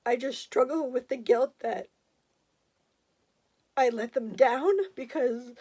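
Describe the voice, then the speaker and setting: A woman in her thirties in a confessional vlog, choked up and near tears, talking in halting bursts with pauses and apologies. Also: fairly high pitch, fairly even intonation, dark tone.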